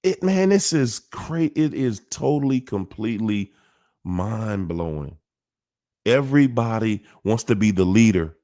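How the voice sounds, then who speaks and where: A man's voice: on the low side, lively intonation, unhurried, dark tone. A man hosting a livestream, talking to viewers in a repetitive, emphatic, preachy way. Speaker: livestream host. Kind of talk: casual livestream talk.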